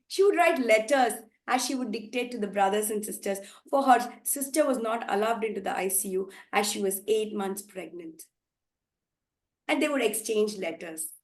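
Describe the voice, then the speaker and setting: A woman telling a story at a live event, dramatic, with sudden loud outbursts and hushed passages. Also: medium pitch. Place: festival storytelling venue. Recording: echoey room, live performance.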